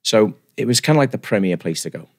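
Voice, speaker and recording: A man, sitting in as a guest on a chatty podcast. He talks fast and tumbles through his stories with restarts, poking fun at himself, and his lowish voice carries a gravelly edge. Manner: animated, self-deprecating, rambling with restarts. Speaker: guest barber. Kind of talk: casual podcast storytelling.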